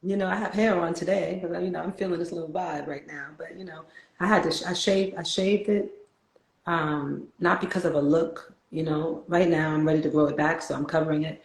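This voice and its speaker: A woman's voice: low-pitched, steady tone, brisk, gravelly. A woman from New York with a New York accent, chatting casually and reflectively as a livestream host, laughing often. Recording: roomy echo.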